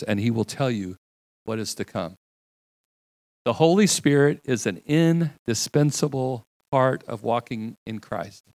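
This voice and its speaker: Gravelly-voiced man preaching conversationally. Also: medium pitch, dry recording. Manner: conversational storytelling, drops to a hushed voice for quoted dialogue. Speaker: pastor. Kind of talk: sermon.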